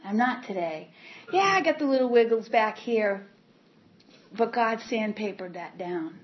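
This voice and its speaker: A woman's voice: medium pitch, animated. Candid woman sharing her recovery story, lo-fi. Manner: candid, halting, many repeats and fillers. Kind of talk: personal testimony talk. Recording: dull lo-fi recording.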